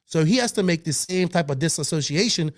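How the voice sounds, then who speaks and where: Male co-host, a bit high-pitched, worked-up, profane and emphatic. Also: animated, fairly quick. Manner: heated, emphatic and profane, with restarts. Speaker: podcast co-host. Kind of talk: casual podcast chat.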